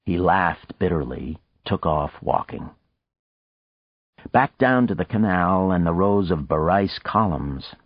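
A man narrating an audiobook in a measured, expressive way, in a dry, dull lo-fi recording. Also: sits low, no room sound.

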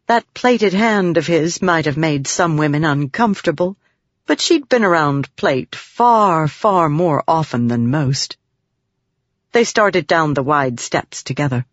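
A woman narrates an audiobook with expressive storytelling. Her low voice rises and falls freely. The recording is dry with a slightly dull tone. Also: unhurried, dry recording. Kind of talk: scripted narration.

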